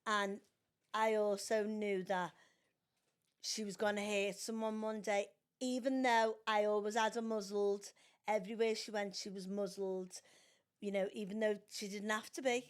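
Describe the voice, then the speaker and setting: A woman's voice: medium pitch, a little slow, clean tone. An older woman, chatting as a podcast guest and telling family stories, acting out the voices of the people in them. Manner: animated storyteller acting out quotes in raised voices. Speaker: podcast guest, mother of the host. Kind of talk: casual storytelling chat.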